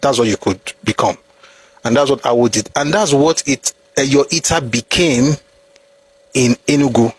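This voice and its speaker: A man with a Nigerian accent giving animated, opinionated commentary on history, full of rhetorical questions and bits of pidgin. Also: mid-range voice, moderate pace, breathy edge, no echo.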